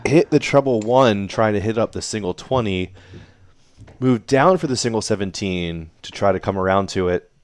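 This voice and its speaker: A man with a deep, low voice commentates on darts, calling each throw as host of a league he broadcasts from home. His delivery is playful and theatrical, with plenty of teasing about the players. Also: normal speed, clear, resonant tone, no echo. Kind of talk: play-by-play sports commentary. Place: home laundry room. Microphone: computer broadcast setup.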